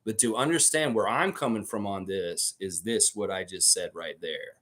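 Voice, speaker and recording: A man's voice: fairly low pitch, normal speed, fairly bright tone. A man from the Baltics hosting a sports livestream, amped up and profane as he rants and reads out chat comments. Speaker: livestream host.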